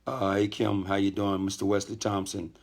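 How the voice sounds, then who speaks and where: A middle-aged man hosting a casual live stream from a hotel room, talking calmly, greeting viewers by name and often repeating himself. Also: on the low side, moderate pace. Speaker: network marketing leader hosting a live stream.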